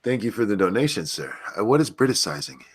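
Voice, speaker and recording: Stuffy low-voiced man hosting a stream. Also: very animated, fast talker, husky, no room sound. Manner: joking, profane, easily sidetracked. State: stuffy and unwell. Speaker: stream host. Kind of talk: casual live-stream chat.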